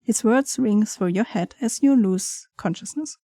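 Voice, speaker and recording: A woman's voice: medium pitch, measured pace, warm tone, no echo. A young woman playing through a game, reading its text aloud with chatty, giggly asides. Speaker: gaming streamer.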